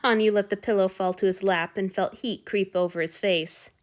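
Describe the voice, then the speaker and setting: A woman narrating a fan fiction story aloud in a steady, even reading voice. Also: medium pitch, normal speed.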